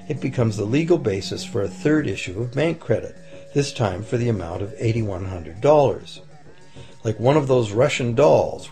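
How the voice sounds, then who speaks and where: A man giving a calm, explanatory scripted narration for a documentary. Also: medium pitch, vocal fry. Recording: voice-over with faint music behind.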